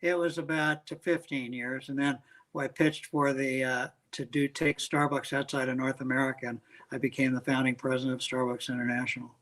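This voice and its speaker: A man's voice: mid-range voice, flat delivery, brisk, fairly bright tone, rough recording. An older man being interviewed as a guest, answering earnestly and making his points with everyday examples. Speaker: guest, business leader.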